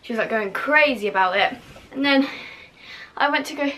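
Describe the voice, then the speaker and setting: Gushing young woman with a bright voice. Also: high-pitched, moderate pace. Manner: gushing, full of fillers, drops to whispers at times. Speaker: vlogger. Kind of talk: casual chat to camera.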